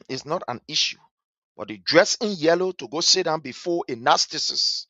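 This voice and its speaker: Scornful Liberian man, lively delivery. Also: on the high side, moderate pace, no room sound. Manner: scornful and emphatic, repeats phrases for effect. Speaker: political commentator. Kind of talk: impassioned political commentary. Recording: dull lo-fi stream audio.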